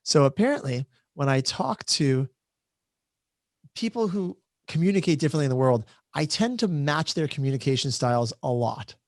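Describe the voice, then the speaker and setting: A man's voice: mid-range voice, animated, moderate pace, no echo, clean studio sound. A man moderating a casual online panel, telling a chatty, self-deprecating story over a video call.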